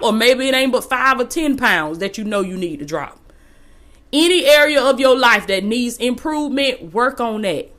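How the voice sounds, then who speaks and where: A woman's voice: fairly high pitch, a bit bright. A woman hosting a podcast, giving a motivational faith-based talk in a folksy, preachy way, repeating phrases for emphasis and calling listeners y'all. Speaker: podcast host and life coach.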